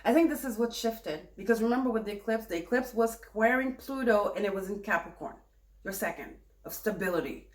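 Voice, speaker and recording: A woman giving a tarot reading in a chatty, animated, self-correcting way. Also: mid-range voice, a little fast, echoey room. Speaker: tarot reader.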